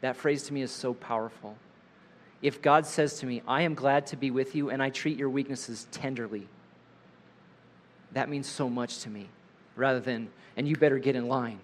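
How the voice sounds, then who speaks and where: A man leading a group through a guided breathing prayer, talking gently and slowing down to softly repeat a short prayer phrase. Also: medium pitch, steady tone, slight background noise. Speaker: leader of a guided prayer session. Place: live in front of a group.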